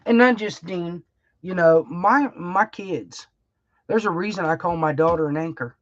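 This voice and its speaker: A middle-aged woman talks slowly and warmly to viewers of her livestream, rambling and laughing in a folksy, emotional way. The sound is dry and close, a little dull and lo-fi. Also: on the low side, no room sound. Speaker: livestream host. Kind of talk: casual heartfelt livestream chat.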